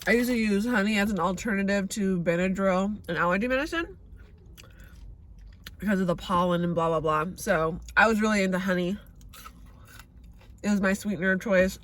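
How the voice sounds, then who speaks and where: A woman's voice: medium pitch, fairly bright tone. A woman in her thirties from the Bay Area, chatting casually and candidly in a vlog, swearing freely. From San Francisco Bay Area. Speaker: vegan vlogger.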